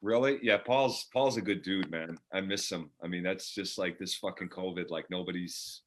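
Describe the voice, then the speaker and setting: A man's voice: deep voice, normal speed. Laid-back man tossing in asides. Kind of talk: casual chat.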